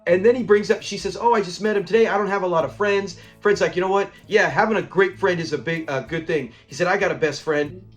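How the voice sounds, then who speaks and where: Host, male, high pitch, animated casual recap voice, faint music bed. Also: fast talker. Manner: animated retelling, acting out lines, laughing. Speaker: show review channel host.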